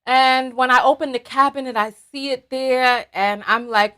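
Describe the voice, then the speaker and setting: High-voiced, unhurried woman host chatting. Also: clear, resonant tone. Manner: animated, chatty, talks straight to viewers. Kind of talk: livestream commentary chat.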